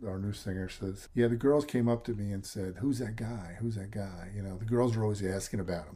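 A man's voice: on the low side, fairly quick, dark tone, husky. Middle-aged american guy rambling thru old band stories, does little voices for people. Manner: rambling storyteller, quotes others in voices, emotional at times. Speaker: songwriter and lead singer, guest. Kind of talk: casual interview chat.

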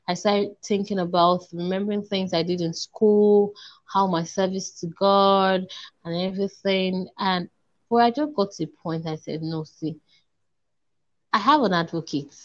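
A woman, a podcast guest giving an earnest personal testimony, often repeating herself and slowing to a hush. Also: mid-range voice, muffled recording. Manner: earnest, repeats herself, slows and drops to a hush when recalling prayers. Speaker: interview guest.

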